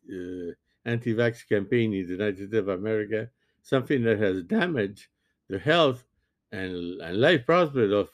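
A man in his sixties, a physician, giving a halting, earnest opinion monologue and often restarting his sentences. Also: fairly low pitch, a little mellow, no echo. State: sleepy, yawning. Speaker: physician commentator.

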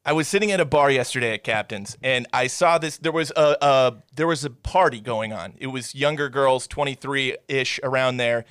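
A man's voice: mid-range voice, moderate pace, hardly any pauses, a bit bright, clean tone, no echo, clean studio sound. A man hosting a casual podcast with friends, telling stories with lots of swearing and repeated stammers. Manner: rambling, profane, stammers and does silly voices. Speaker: podcast host. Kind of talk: casual chat.

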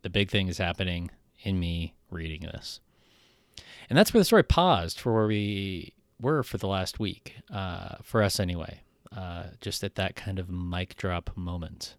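A man's voice: sits low, animated, unhurried, no room sound, studio quality. A man preaching a conversational sermon in a casual, irreverent way. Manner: casual, irreverent, with frequent fillers and restarts. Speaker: pastor.

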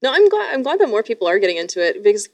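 A woman's voice: mid-range voice, very animated, very fast, a little mellow, no echo. A young woman from Canada, a streamer guest, talking enthusiastically in casual podcast chat with lots of restarts. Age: young adult. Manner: enthusiastic, gushing with many restarts.

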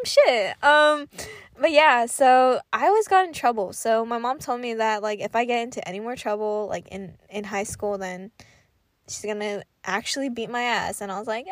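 A woman's voice: fairly high pitch, expressive, moderate pace, no echo, clean studio sound. A teenage woman hosting a podcast, telling school stories in a casual, profane way and laughing often. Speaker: podcast host. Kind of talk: casual storytelling monologue.

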